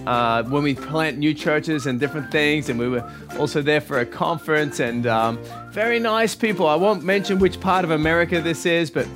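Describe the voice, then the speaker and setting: A young male pastor, preaching a sermon in an encouraging, conversational way. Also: a little high.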